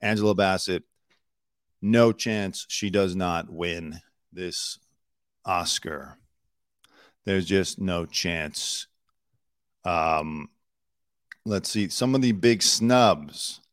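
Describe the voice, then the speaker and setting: A man hosts an entertainment news rundown with a somewhat low voice. He delivers snarky, opinionated asides in a loose, casual way, full of fillers and restarts. His voice sounds close and dry. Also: extremely slow, pauses often, no echo.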